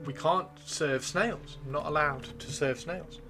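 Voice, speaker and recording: A man's voice: a little high, a little slow, music in the background. A man voicing an apologetic, weary male barman turning away a customer. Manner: apologetic, firm refusal.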